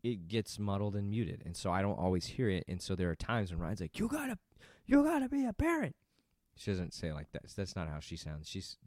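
A man's voice: deep voice, a little mellow, no echo, clean studio sound. A middle-aged man talking about parenting in a casual, rambling monologue full of self-interruptions and joking asides. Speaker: father vlogging about parenting.

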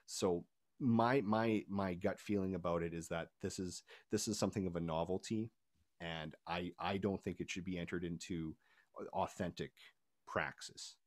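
A man hosting a podcast discussion, speaking in a measured, tentative way. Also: sits low, steady tone, no room sound, studio quality. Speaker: podcast host.

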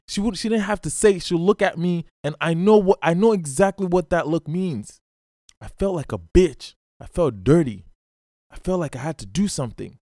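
A fairly high-voiced man talks straight at his listeners in a solo podcast, bluntly and profanely urging them to get up and act. The sound is dry and close, with no room around it. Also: darkish tone, no room sound. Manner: blunt, profane, preachy, calls listener bro. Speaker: podcast host. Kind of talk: solo motivational podcast monologue.

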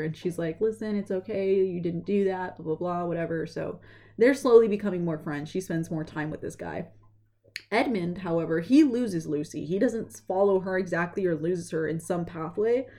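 Young woman retelling a story, low-ish voice, mellow, says like a lot, does little voices. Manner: chatty, lots of "like" and "basically", acts out characters in quick voices. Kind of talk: casual story recap.

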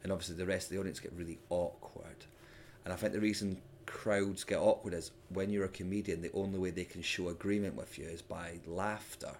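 A young Scottish man with a fairly low voice talks in a relaxed, chatty way. He tells stories with lively swings in pitch and bursts of loud mimicry. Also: a little fast, slight background noise. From Scotland. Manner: animated storyteller, mimics hecklers with loud sudden shouts. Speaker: stand-up comedian, guest. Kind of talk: casual podcast chat.

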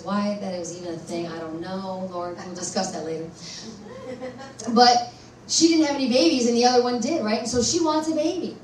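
High-voiced woman preaching in an echoey hall. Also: slight background noise. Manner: animated preaching, asks the audience questions. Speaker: pastor. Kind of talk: sermon. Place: church conference hall. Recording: echoey room, voice from far off.

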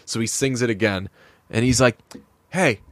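A man co-hosting a casual movie-review podcast, telling stories with sarcastic asides and animated quoted voices. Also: medium pitch, normal speed, no echo. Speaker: podcast co-host.

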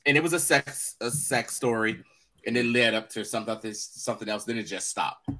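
A man's voice: medium pitch, normal speed, sharp tone. A man co-hosting a podcast, retelling a story in casual chat and acting out the quotes in raised voices. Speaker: podcast co-host.

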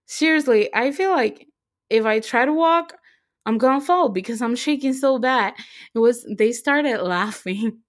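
A young woman co-hosting a podcast, telling a story in a casual, excitable way, full of fillers and restarts. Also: on the high side, measured pace. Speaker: podcast co-host. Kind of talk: casual chat.

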